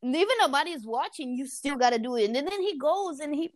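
A high-voiced woman talks quickly in casual conversation, laughing a lot as she tells a story and performs the quotes. The sound is clean and studio quality, without echo.

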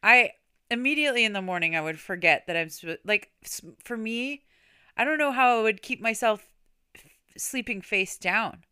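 A woman co-hosting a podcast, chatting casually and reacting with quick exclamations and laughter. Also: a little high, animated, pushed and bright, clear, resonant tone, dry recording, clean studio sound. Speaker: podcast co-host. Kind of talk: casual chat.

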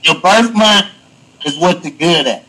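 Young guy hosting a chill podcast, high husky voice, keeps cracking up. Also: a little slow, low-quality recording. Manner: loud, laughing, crude storytelling. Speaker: podcast host. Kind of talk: casual podcast banter.

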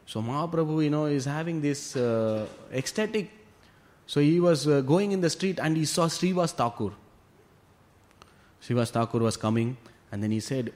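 Male scripture teacher, fairly high voice, lively storyteller with loose fillers. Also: normal speed. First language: Tamil. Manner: animated retelling with frequent "you know" fillers. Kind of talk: devotional storytelling class.

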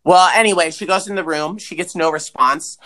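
A man co-hosting a podcast, chatting casually and swearing as he recaps a movie with big pitch swings for emphasis. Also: brisk, sharp tone. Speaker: podcast co-host.

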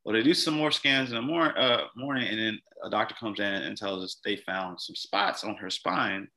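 Over poor audio, a young podcast guest earnestly rambles through a personal story, leaning heavily on "like." His voice is fairly low, bright and forceful, delivered at a moderate pace.

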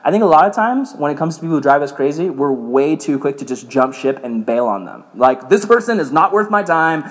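A young man giving a casual sermon to a youth group, telling stories in an animated way with many filler "like"s. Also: medium pitch, a little fast, few pauses. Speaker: youth pastor. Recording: reverberant hall.

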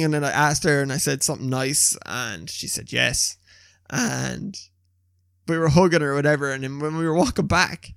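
Young guy telling a story, swears a lot, gravelly voice, dry sound. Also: a little high, a little fast, no room sound. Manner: animated storyteller, swears freely. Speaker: podcast co-host. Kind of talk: casual chat.

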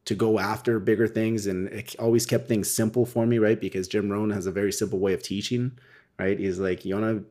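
A man talking as a guest in a casual interview, telling stories in a rambling, animated way with frequent tag questions. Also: lowish voice, fairly quick. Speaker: podcast guest, real estate wholesaler.

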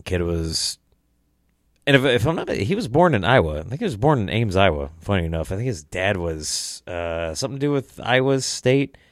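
A young podcast host with a lowish voice rambles through a solo episode, very animated at a moderate pace. Tired and tipsy, he's laid-back and swears a lot. The studio-quality recording has no room sound.

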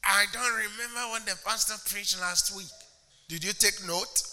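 A man's voice: high-pitched, moderate pace, pushed and bright, long reverb tail. A man preaching a sermon as a pastor, using a prop and mocking impressions of churchgoers.

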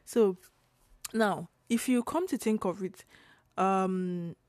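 A young woman from Nigeria hosting her own podcast, slightly hoarse, talking in a rambling, chatty way with fillers and self-corrections. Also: mid-range voice, slow pace, darkish tone, dry recording, clean studio sound. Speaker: podcast host. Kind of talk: casual solo podcast talk.

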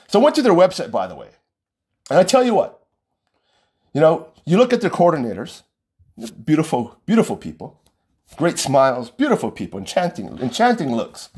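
Man, wedding vendor, ranting vlog, heated, lively swinging pitch. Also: fairly quick, husky. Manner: outspoken, heated, repeats himself for emphasis. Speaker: wedding vendor addressing brides. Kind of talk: ranting direct-to-camera vlog.

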